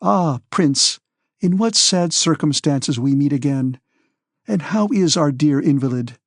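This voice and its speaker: A man's voice: fairly high pitch, expressive, a little slow, dry recording, studio quality. A man voicing an imploring aristocratic mother. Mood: sorrowful. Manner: imploring, gently insistent. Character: anxious, pleading middle-aged noblewoman.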